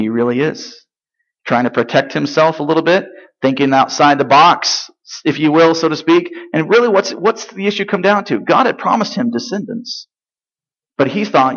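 A man's voice: medium pitch, fairly bright tone, highs cut off. A man preaching a sermon in a conversational way, with rhetorical questions and dry sarcasm. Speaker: pastor.

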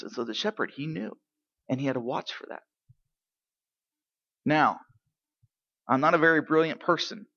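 High bright-voiced male pastor preaching. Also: lo-fi sound. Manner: asks the congregation rhetorical questions, swings from quiet to loud. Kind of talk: sermon.

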